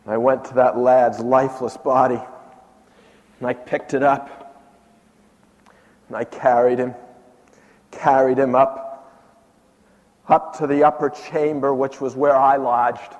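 A man as an aged prophet, slow and deliberate, hushed to fervent, recorded in a reverberant hall. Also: mid-range voice, flat delivery, dull audio, voice pushed down, lightly acted. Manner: swings from hushed to impassioned. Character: aged male prophet recounting his miracles. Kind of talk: first-person dramatic monologue.

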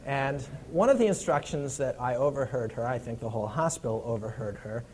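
A man preaching a sermon in an earnest, emphatic way, repeating his key points and dropping to a low, hushed tone when he tells stories. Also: husky.

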